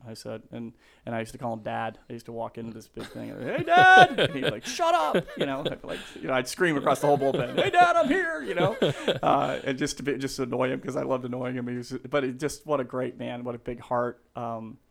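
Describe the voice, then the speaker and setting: Gravelly fifty-something guy rambling thru stories, yells out the quotes. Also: fast, hardly any pauses, crowd noise. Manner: rambling, animated, acts out quotes in a high yell. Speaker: guest. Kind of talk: casual storytelling interview.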